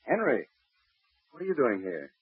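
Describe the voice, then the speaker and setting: A man's voice: medium pitch, big pitch swings, normal speed, husky, phone-quality sound. A man playing a nervous, defensive friend caught in an affair, in 1940s radio acting on an old broadcast. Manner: defensive, blustering.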